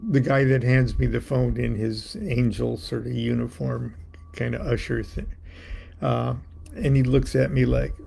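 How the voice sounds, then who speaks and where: A man's voice: medium pitch, gravelly, warm tone, breathy edge. A man telling a personal story in a casual, rambling way, with many fillers and restarts, and now and then acting out the voices in it. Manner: playful, acting out announcements and voices. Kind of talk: casual spoken anecdote.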